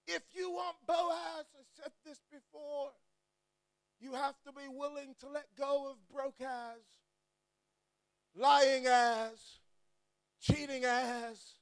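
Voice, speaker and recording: High-pitched shouting preacher man. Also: smooth. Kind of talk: energetic sermon. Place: church or event hall.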